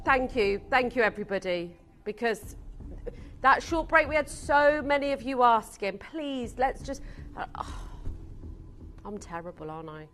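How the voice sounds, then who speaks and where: A woman presenting live on a shopping channel, gushing with excitement and rattling off buyers' names as she pitches. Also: measured pace, faint music behind.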